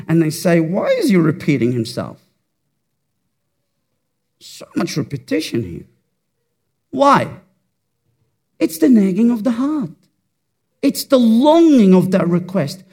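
A man's voice: high voice, a little mellow. A man preaching a sermon, fervent and rhetorical, repeating words for emphasis.

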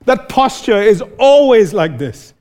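A man's voice: high-pitched, sing-song, a little slow, darkish tone. A man preaching a sermon in an earnest, conversational way, often restarting his phrases.

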